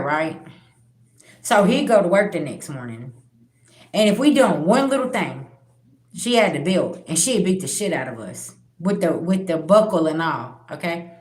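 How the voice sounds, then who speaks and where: A woman hosting her spiritual channel, telling personal stories bluntly and with plenty of profanity, speaking straight to her viewers. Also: fairly low pitch. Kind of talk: candid personal storytelling. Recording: roomy echo.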